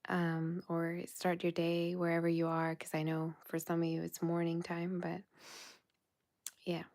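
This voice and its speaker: Casting: tired woman host, low flat gravelly voice, soft-spoken and affectionate, slips into whispers, late-night livestream chat. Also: unhurried. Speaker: tarot reader hosting a livestream. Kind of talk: casual livestream sign-off chat.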